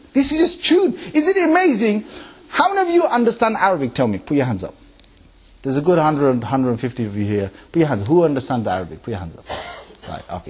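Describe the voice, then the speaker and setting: Animated male preacher, slightly high voice. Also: breathy edge. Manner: animated, jumps pitch to mimic tunes and voices; recites Quran in Arabic in varied melodies. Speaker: Islamic preacher. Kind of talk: lecture to a live audience. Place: mosque hall with audience.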